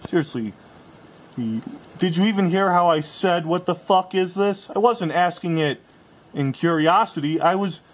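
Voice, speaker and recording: Man in a video clip, slightly high voice, swearing, sarcastic rant. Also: moderate pace. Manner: profane, sarcastic ranting. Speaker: video creator being rebutted.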